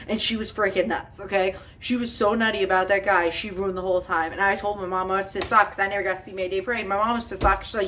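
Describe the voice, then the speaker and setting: A woman's voice: mid-range voice, quick pace, few pauses, sharp tone, recorded from a distance, slight background noise. A woman chatting casually as she bakes in her home kitchen, telling a storytime with exasperation, lots of fillers and frequent laughs. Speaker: home cooking vlogger. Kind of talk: casual storytime while baking.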